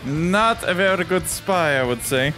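Excitable high-voiced male gamer. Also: unhurried. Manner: excitable, chatty, laughs often. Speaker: gaming YouTuber. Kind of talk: gameplay commentary. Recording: game music behind.

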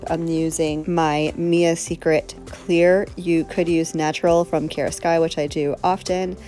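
A woman's voice: low-pitched, warm tone. A woman chatting casually while demonstrating a nail tutorial, friendly and talkative, with a light allergy cough. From South Florida. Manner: chatty, friendly, laughs easily.

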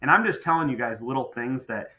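A man's voice: medium pitch, animated, quick pace, sharp tone, rough recording. A middle-aged man who runs a contracting business, talking emphatically on a podcast and often repeating phrases as he restarts. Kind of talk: podcast conversation.

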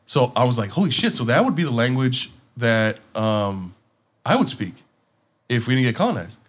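A man co-hosting a casual podcast chat, telling animated stories that get loud when he is worked up. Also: mid-range voice, normal speed. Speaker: podcast co-host.

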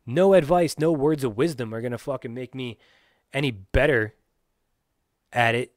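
Podcast host, male, middle pitch, from Pennsylvania; swearing rambling rant, dry close mic. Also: moderate pace, no echo. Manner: profane, ranting, many restarts and fillers. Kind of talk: ranting solo podcast.

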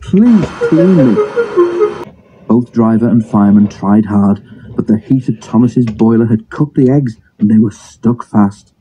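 Male storybook narrator: steady reading, lo-fi phone sound, music underneath. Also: fairly low pitch, normal speed. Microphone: old phone. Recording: dull lo-fi phone recording.

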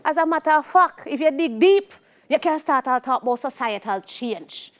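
A middle-aged Jamaican woman teaching a sociology exam-prep lecture. She talks in a lively way and slips into patois when she tells stories. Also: high voice, moderate pace. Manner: lively, shifts into patois for anecdotes.

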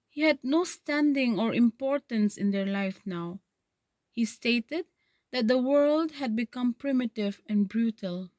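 A woman's voice: on the high side, dry recording. A woman teacher who reads a story passage aloud, then paraphrases and explains it, checking with "okay". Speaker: literature teacher.

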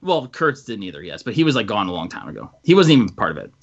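A man's voice: lowish voice, very animated, fast, creaky. A man co-hosting a casual podcast chat, telling a long, rambling story. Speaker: podcast co-host. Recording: lo-fi podcast audio.

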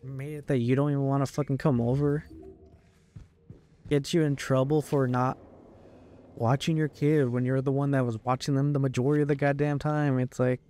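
A young man venting in a casual, rambling way while playing a game, swearing often and filling every pause with "like". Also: medium pitch, little pitch movement, dark tone. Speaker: gaming YouTuber.

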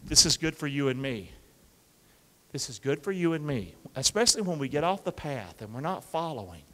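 A male pastor preaching an animated call-and-response sermon, coaxing the congregation to repeat after him and using football pep-talk imagery. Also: on the high side, moderate pace. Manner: energetic, coaxes the congregation to repeat lines. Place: church sanctuary with a congregation. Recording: long reverb of a large church hall.

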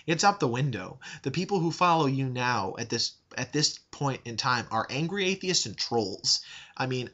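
A man's voice: medium pitch, sharp tone, lo-fi sound. A man making a direct-to-camera video response, earnest and pleading, openly aggravated at the person he addresses. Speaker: YouTube video maker.

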